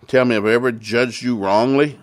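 A solemn old prophet, as a male storyteller puts him on, earnest and measured as he questions and pleads with his people. The voice sits at an ordinary middle pitch for a man. It comes across as a Bible story read aloud. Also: steady tone, dry recording, natural voice.

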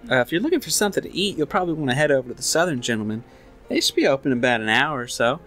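A man's voice: mid-range voice, sing-song, very fast, fairly bright tone, soft background music. A man voicing a tough old woman who runs an Old West saloon, talking in a drawling frontier twang. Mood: folksy.

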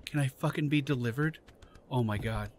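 A man's voice: mid-range voice, moderate pace, a little mellow. A man doing playful let's-play commentary, chatting with game characters and laughing along. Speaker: gaming YouTuber. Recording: faint background game music.

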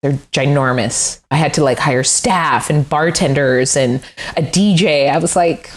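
A middle-aged woman who designs furniture chats candidly in a casual interview, self-deprecating and laughing often. Her voice is deep and her pace unhurried.

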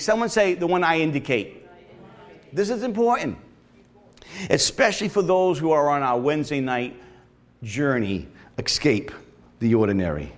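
High-voiced man preaching a sermon. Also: lively intonation, moderate pace, long pauses. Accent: regional accent. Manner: conversational preaching with call-and-response. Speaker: pastor. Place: church sanctuary.

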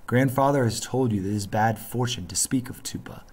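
A man's voice: mid-range voice, normal speed, darkish tone, natural voice. A man reading aloud, voicing a worried, protective island mother from a storybook who scolds her son. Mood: hushed.

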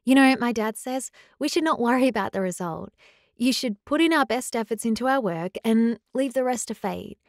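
The young werewolf girl in this audiobook is impulsive, chatty, and clumsy, and a woman voices her with rapid, excitable, apologetic energy. Her voice sits on the high side, recorded clean in a studio with no room sound.

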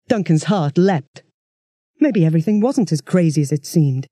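A storyteller, reading a children's science-fiction story in steady, expressive narration. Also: medium pitch, moderate pace, no room sound, clean studio sound. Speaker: audiobook reader.

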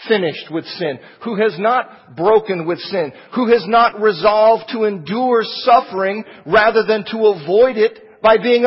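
Husky high-voiced man preaching in a hall. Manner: emphatic, rhetorical questions. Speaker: Bible class teacher. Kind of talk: sermon-style Bible lesson. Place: church auditorium. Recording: long hall reverb, dull lo-fi sound.

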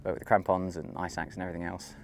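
A man's voice: low-pitched, monotone, very fast, vocal fry, a little hiss or hum. A man talking casually to the camera while hiking outdoors on a mountain trail, thinking aloud and joking at his own expense. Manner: chatty, thinking aloud, self-mocking. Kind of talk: casual walking vlog.

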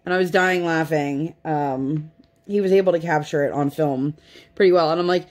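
Young mom rambling to her channel, lowish voice, wanders off topic and laughs at herself. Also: moderate pace. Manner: rambling, chatty, self-deprecating. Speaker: craft vlogger and mother. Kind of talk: casual chat to camera.

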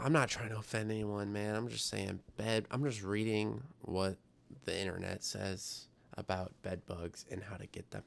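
A man's voice: fairly low pitch, vocal fry. A young man hosting a science livestream, chatting casually and rambling as he reads viewer comments aloud. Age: young adult. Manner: rambling, reads chat aloud, self-deprecating. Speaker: livestream science show host.

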